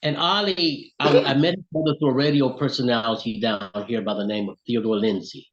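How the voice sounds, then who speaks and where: A middle-aged man from Alabama with a Southern accent, telling lively stories as an interview guest. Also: medium pitch, brisk, highs cut off. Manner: animated storyteller, acts out voices in quotes. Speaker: recording artist, interview guest. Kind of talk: storytelling in casual interview.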